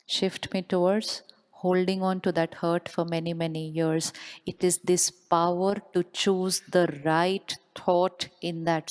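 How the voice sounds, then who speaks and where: A woman's voice: lowish voice, a little mellow. Woman speaker, motivational stage talk, keeps quizzing the crowd and repeating the line. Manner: asks the audience questions and repeats them. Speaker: spiritual speaker. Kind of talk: motivational talk to a live audience.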